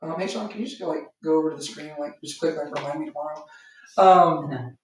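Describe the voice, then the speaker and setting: A man with a fairly high voice talks quickly over slight background noise, leading a small-group Bible study in an informal, rambling way. He fills his speech with fillers and acts out imagined voices. The room echoes, and he sits far from the mic.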